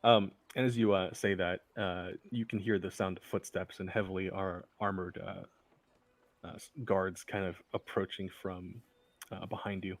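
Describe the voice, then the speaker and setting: Low, halting man narrating a tabletop game. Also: little pitch movement, no echo. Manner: halting, many fillers. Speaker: game master.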